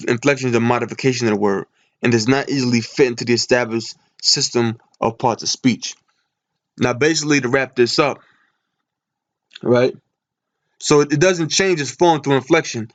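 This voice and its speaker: A man's voice: mid-range voice, lo-fi sound. A man giving a Bible lesson from his computer screen, asking and answering his own questions as he reads. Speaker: Bible teacher. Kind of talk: screen-share scripture lesson.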